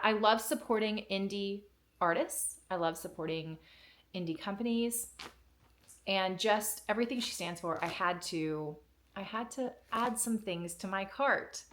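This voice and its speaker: Woman vlogger, lower voice, gushing and emotional during a casual unboxing, faint noise behind her. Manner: excited and emotional, gushing, near tears.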